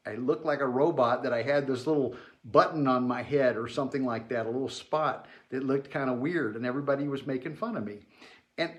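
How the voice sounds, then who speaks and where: A man from Georgia in the US South telling his childhood memories in a plainspoken, reflective way with homey asides. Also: a little high. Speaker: memoir storyteller. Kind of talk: spoken personal memoir.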